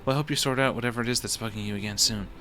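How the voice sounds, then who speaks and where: A man's voice: medium pitch, racing, fairly bright tone, faint music behind, voice pushed up, lightly acted. A man voicing a friendly, upbeat teenage schoolgirl who chats casually. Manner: chatty, casual.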